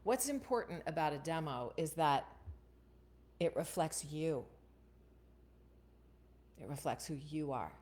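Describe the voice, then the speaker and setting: Low, chatty woman hosting a casual voiceover Q&A. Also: lively intonation, a little slow, pauses often, darkish tone. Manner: chatty, keeps asking "right?". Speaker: voiceover coach and host. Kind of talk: casual Q&A livestream.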